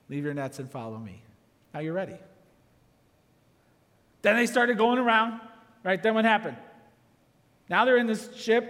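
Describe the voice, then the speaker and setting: A man preaching a sermon as pastor, animated and acting out quotes with sudden shouts. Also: sits high, in a large hall.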